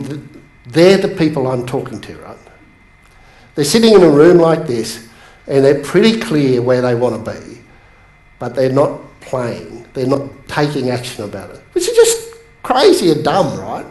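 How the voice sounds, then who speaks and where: A man coaching a seated audience in a motivational bootcamp talk, telling stories with sudden rises in pitch for emphasis. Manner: animated storytelling, pitch jumps up for emphasis. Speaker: business coach. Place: training room with a live audience. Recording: echoey room.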